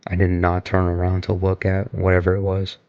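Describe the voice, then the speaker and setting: A man's voice: low voice, monotone, a little fast, smooth, highs cut off. A young man casually retelling a story in a loose, rambling way, full of filler words. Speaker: vlogger recounting an experience.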